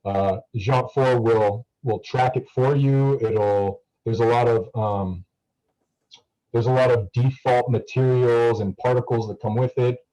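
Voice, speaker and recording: A man's voice: medium pitch, fairly even intonation, unhurried, mellow, poor audio. A young man talking casually to a class over a video call, rambling with many fillers and restarts. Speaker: student guest speaker.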